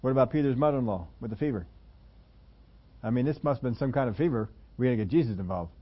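A man's voice: medium pitch, expressive, fast talker, husky, muffled recording. A man preaching a sermon in a conversational way, slipping into the voices of the people he quotes. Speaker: pastor.

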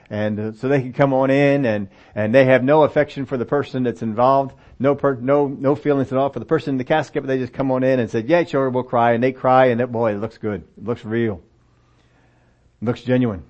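A man's voice: medium pitch, fairly even intonation, a little fast. An older man preaching a sermon, reading scripture aloud and breaking into folksy, self-deprecating asides. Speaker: pastor. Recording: dull lo-fi sound.

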